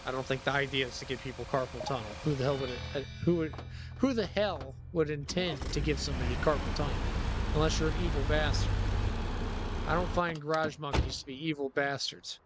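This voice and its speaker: A man streaming a driving game live, rambling in casual commentary, sarcastic and quick to swear. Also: a little high, heavy background noise.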